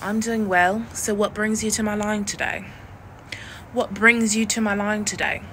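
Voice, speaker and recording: A woman putting on a low, soft and unhurried female phone persona as a role-play demonstration. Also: flat delivery, a little hiss or hum, natural voice. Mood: smooth.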